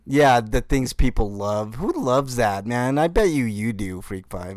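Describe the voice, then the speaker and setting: A man hosting a podcast, telling a story with animated mock outrage. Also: mid-range voice, slow pace, hardly any pauses, dry recording. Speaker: podcast host. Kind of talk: casual chat.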